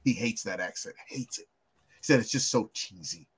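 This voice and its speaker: A man co-hosting a podcast in casual chat, animated and swearing freely, often repeating words. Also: lowish voice, moderate pace, husky. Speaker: podcast co-host.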